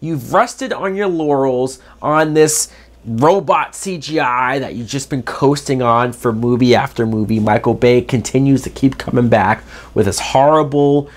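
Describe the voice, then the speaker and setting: A man in the middle of a heated movie rant, his pitch sitting right in the middle of the range. He hammers his points home with repetition and jumps from loud exclamations to low, grumbling asides. He sounds fed up and emphatic the whole way through. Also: unhurried. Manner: exasperated, emphatic, repeats for stress; swings from loud outbursts to muttered asides. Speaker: movie reviewer. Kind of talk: ranting movie review.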